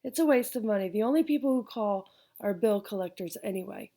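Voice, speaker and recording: A woman's voice: mid-range voice, animated, a little fast, warm tone. A woman voicing a bitter, dismissive mother who talks curtly and sarcastically, in an audiobook. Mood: sarcastic. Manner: curt, sarcastic.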